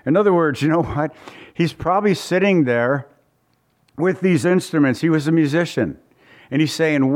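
A man's voice: a little high, moderate pace, a little mellow. A man preaching a conversational Bible-study sermon in a folksy way, often repeating words and asking his listeners questions.

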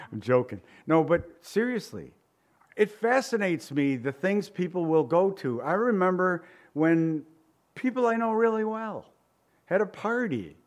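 A middle-aged man delivers a sermon like he's chatting with friends, telling funny stories that turn into lessons. His voice sits a little higher than most men's, and his delivery stays loose and conversational. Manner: conversational preaching with humorous anecdotes. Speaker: pastor.

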